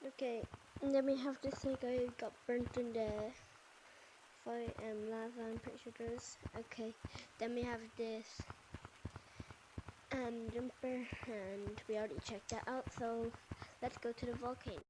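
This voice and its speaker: A woman's voice: a little high, level tone, measured pace, noisy background. A woman giving casual, rambling gameplay commentary as a channel host, with frequent fillers.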